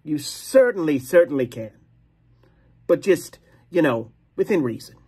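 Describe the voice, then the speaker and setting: A man's voice: on the high side, big pitch swings, measured pace, warm tone, husky, heavily acted. A man doing a pompous mock lawyer. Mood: mock stern. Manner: mock-formal, lecturing, rambling. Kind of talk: comedic bit.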